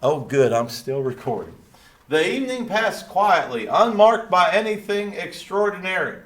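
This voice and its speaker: A male teacher reading a lesson aloud while voicing a folksy, proud small-town dad with a slow drawl and pet phrases. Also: sits high, sing-song, fairly bright tone. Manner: slow Texan drawl, repeating catchphrases. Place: classroom. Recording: roomy echo.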